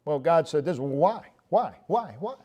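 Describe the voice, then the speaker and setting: A man preaching a sermon in a church, slow and deliberate, with emphatic rising outbursts. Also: a little high, expressive, mellow, lo-fi sound. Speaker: pastor.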